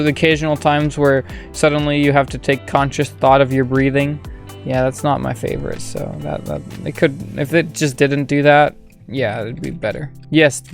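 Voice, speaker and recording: A man's voice: fairly high pitch, gravelly. A young man giving casual, rambling commentary on his gameplay, joking and chatting with his viewers. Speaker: gaming streamer.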